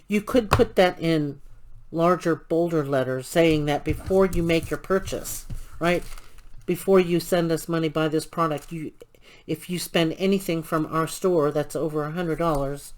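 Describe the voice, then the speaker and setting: Low-voiced woman ranting while crafting. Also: a little hiss or hum. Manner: animated, indignant retelling of a complaint. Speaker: crafting channel host. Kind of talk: casual storytelling while crafting.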